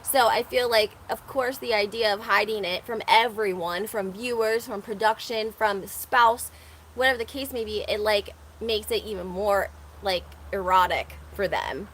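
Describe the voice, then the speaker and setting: A woman's voice: medium pitch, moderate pace, a bit bright, a little hiss or hum. A woman with a Southern American accent hosting a casual gossip livestream, chatty and opinionated, often laughing between her points. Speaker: reality TV recap host.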